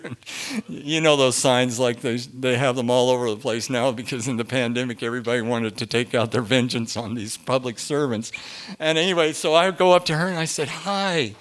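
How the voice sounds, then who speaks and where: Speaking at a normal speed in a mid-range voice, a middle-aged man shares a personal story with a group. He's animated and laughs a lot, his volume moving from hushed to loud.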